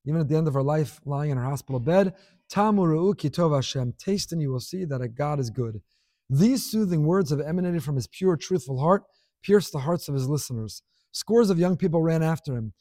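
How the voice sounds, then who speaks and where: A man's voice: fairly high pitch, animated, a little fast, warm tone, no room sound, studio quality. A man giving a Torah class, teaching expressively with rhetorical questions and scattered Hebrew and Yiddish terms.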